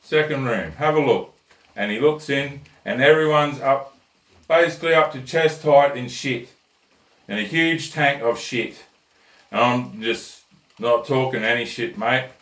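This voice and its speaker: A man's voice: medium pitch, measured pace, a bit bright. A blunt man hosts a comic rant and tells a crude joke in a loose, chatty way. His voice sits in the middle range, and it comes from a distance in an echoey room. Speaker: host. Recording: roomy echo, mic at a distance.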